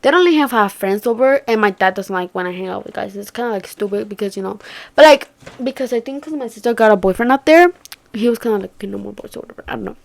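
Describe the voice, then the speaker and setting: Casting note: young woman vlogger, chatty and profane, a little high-pitched, storytime delivery. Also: animated, fast talker, vocal fry. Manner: chatty, swears a lot, acts out quoted friends. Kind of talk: casual storytime chat.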